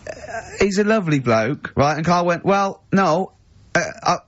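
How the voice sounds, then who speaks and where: A man hosting a radio show, telling stories with animated delivery and laughing loudly. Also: high-pitched, normal speed, no echo. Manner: animated storyteller, bursts of loud laughter. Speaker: radio host. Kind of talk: casual radio banter. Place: radio studio. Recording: dull radio studio sound, dry.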